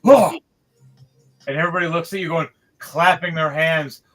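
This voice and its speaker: Dungeon master animado con voz brillante. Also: male voice, a little high, normal speed, faint music behind. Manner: animated, profane, rambling. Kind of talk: narrating a tabletop game.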